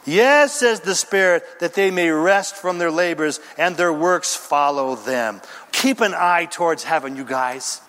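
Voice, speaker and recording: A man preaching a sermon as a pastor, emphatic and dramatic, building long lists and pausing for effect. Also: fairly high pitch, fairly bright tone. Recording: long hall reverb.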